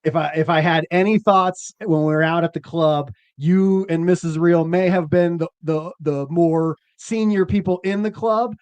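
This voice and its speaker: A man chatting casually as a podcast host, rambling and self-deprecating, with halting restarts. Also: fairly high pitch, darkish tone, clean tone, no room sound. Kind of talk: casual chat.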